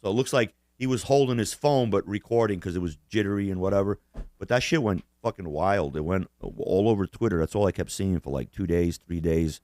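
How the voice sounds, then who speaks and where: A man with a deep, low voice rambles through a casual podcast chat, swearing freely and laughing as he acts out what others did. The sound is close and dry, with no room around it. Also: a little fast, no echo. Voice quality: swears constantly, animated mimicry. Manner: laughs often, rambling restarts. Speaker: podcast co-host.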